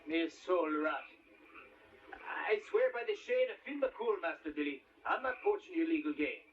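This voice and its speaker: An actor playing a scruffy old poacher with a put-on Irish accent, wheedling and theatrical, on an old film soundtrack. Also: male voice, fairly high pitch, lively intonation, moderate pace, lightly acted. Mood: pleading. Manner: wheedling, sing-song, theatrical. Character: scruffy old male poacher, pleading and blustery. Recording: dull old film soundtrack with faint hiss, distant.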